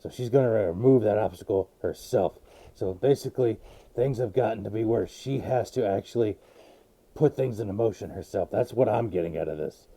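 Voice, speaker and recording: Gravelly man rambling through a recap. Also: fairly low pitch, normal speed. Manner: rambling, excitable storytelling. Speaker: anime review vlogger. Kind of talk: casual episode recap.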